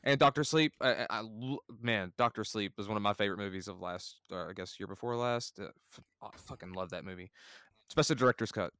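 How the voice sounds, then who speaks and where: Smooth-voiced excitable man chatting. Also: fairly low pitch, fast talker, dry recording. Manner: excitable fan, lots of "like". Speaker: podcast co-host. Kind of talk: casual chat.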